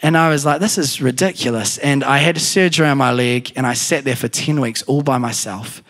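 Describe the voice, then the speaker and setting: A man with a New Zealand accent preaching a sermon, telling personal stories with animated delivery and acting out the voices he quotes. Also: mid-range voice, fairly quick. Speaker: pastor.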